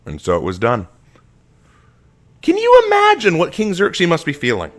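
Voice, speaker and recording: Man, Bible study teacher, very lively pitch, fairly high voice. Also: normal speed, long pauses. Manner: dramatic, retells scenes with voices and laughter.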